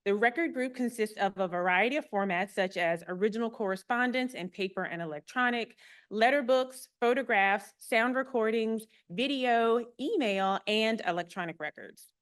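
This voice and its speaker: A woman's voice: on the high side, moderate pace. A woman archivist giving a public talk to a live audience, friendly and explanatory with a light touch of humor.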